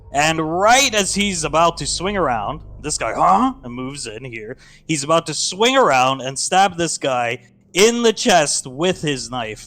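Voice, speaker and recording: A man narrating as game master, telling the scene with lively sound effects. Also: on the high side.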